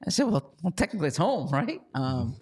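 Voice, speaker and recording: A man's voice: fairly high pitch, very animated, a little fast, slightly rough. A man co-hosting a casual sports talk show, chatty and rambling, often restarting his sentences. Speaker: co-host and team reporter.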